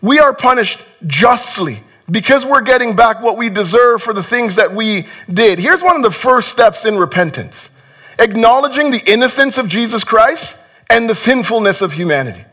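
A man's voice: very high voice, lively intonation, moderate pace, sharp tone. A man preaching a sermon as pastor to his congregation, earnest and exhorting, often repeating words as he stresses a point. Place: church sanctuary.

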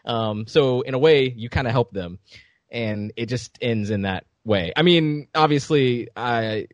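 A podcast co-host with a medium-pitched voice speaks unhurriedly in a dry recording. During casual chat he animatedly retells a scene from a game, acting out the characters' lines.

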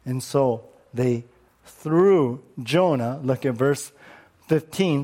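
A male pastor preaching a sermon in an animated way, repeating words when worked up and dropping low on key words. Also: takes it slowly.

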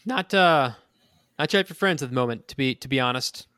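Guy doing a guarded ship captain, short clipped lines, bright edgy voice. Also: mid-range voice, animated, a little fast, no echo.

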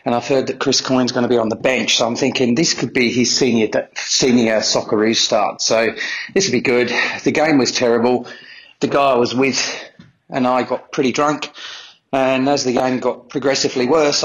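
A man tells a long, rambling story about himself and pokes fun at himself along the way. His voice is at a medium pitch, and the recorded message sounds slightly dull and lo-fi. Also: steady tone, moderate pace. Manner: rambling, self-deprecating storyteller. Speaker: fan sending a recorded message. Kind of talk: storytelling anecdote.

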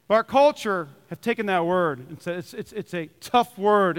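A man's voice: high voice, moderate pace, few pauses, smooth. A man preaching a sermon in a church, passionate and emphatic, repeating his key phrases and getting worked up. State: sweaty. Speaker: pastor. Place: church sanctuary. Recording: long church hall reverb.

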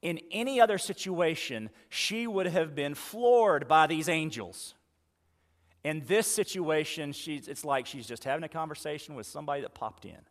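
A male pastor preaching a sermon, retelling scripture with dramatic pauses and slowing on key words. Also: a little high, lively intonation. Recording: long reverb of a church hall.

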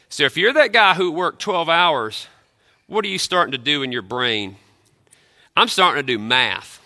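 A fairly high, very bright male voice preaching in a chapel, the sound carrying a long reverb. He is animated and playful, acting out the grumbling he describes. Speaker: military chaplain. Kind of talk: sermon.

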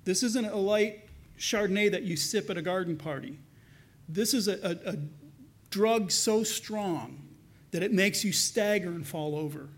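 A pastor preaching a sermon in an earnest, conversational way, slowing down to read scripture with emphasis. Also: male voice, sits high.

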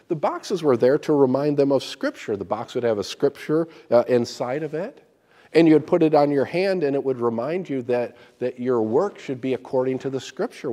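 A man preaching a sermon, explaining scripture with folksy stories, full of restarts and repeated words. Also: medium pitch. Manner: animated storytelling with repeated restarts.

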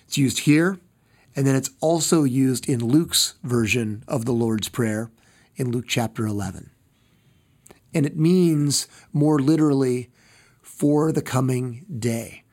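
A man preaching a sermon as pastor, slow and deliberate, repeating phrases for emphasis and trailing off softer at the ends of phrases. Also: medium pitch.

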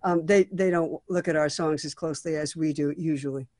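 A woman's voice: sits low, steady tone, a little fast, darkish tone, dry recording. A woman acting as a songwriting mentor, giving thoughtful feedback on a song draft with frequent restarts and fillers.

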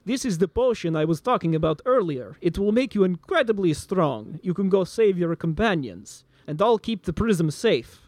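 A man's voice: on the high side, lively intonation, normal speed, no room sound. A man voicing a sly male thief who has been posing as a vampire detective, spoken in a tabletop game. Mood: friendly.

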